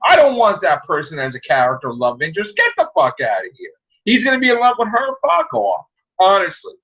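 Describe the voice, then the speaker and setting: High, animated man ranting angrily. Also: a little fast, creaky, lo-fi sound. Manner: profane, heated ranting with mocking impressions. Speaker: podcast host. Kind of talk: angry movie rant.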